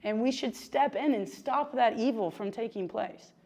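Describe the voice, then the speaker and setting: A woman preaching a conversational sermon, chatty and animated, with lots of fillers and asides to the congregation. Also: on the high side, normal speed.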